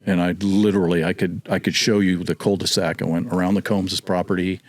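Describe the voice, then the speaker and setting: A man's voice: low-pitched, little pitch movement, a little fast. A man in his sixties, a podcast guest, telling a childhood story in a rambling way and correcting his own memory as he goes. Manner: rambling, self-correcting recollection. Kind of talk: casual storytelling.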